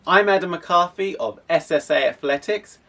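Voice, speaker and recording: Athletics coach, casual explainer, fairly high voice, a bit off-mic. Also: male voice, moderate pace, pushed and bright, far from the mic. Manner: conversational, with frequent restarts. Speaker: athletics club coach and host.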